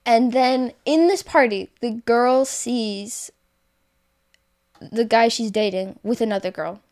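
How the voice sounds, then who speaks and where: A woman's voice: on the high side, slow, darkish tone. A woman telling a story in casual conversation, rambling, with many fillers and self-corrections. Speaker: guest author.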